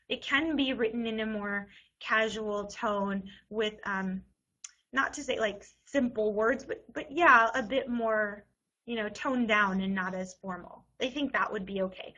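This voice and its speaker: A woman's voice: medium pitch, sharp tone, highs cut off. A young woman advising students on college essays in a casual, chatty way, full of "like" and restarts. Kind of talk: casual webinar advice.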